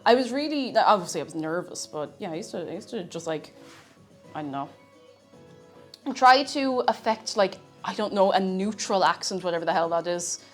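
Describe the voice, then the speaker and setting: Chatty Irish woman, lively pitch. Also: normal speed, soft background music. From Ireland. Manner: chatty, reads chat aloud, laughs often. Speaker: streamer. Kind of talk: casual live-stream chat while cooking.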